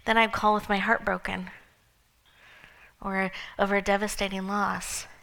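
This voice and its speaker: An earnest woman hosting an event, telling a heartfelt personal story. Her mid-range voice turns quiet and close to a whisper in the tender moments. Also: medium pitch, flat delivery, measured pace, vocal fry, rough recording. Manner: earnest, emotional, softening to near-whispers. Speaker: event host and speaker.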